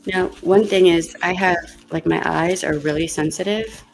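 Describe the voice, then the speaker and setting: A woman's voice: on the low side, normal speed, creaky. A woman vlogger chatting casually while doing her makeup, thinking aloud with fillers and coughing now and then as she gets over a cold. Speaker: beauty vlogger.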